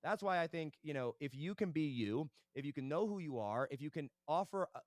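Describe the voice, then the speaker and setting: A young man, a podcast guest, telling business stories in a casual interview, animated and fast, often tagging on "right?". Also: fairly high pitch, dry recording, clean studio sound.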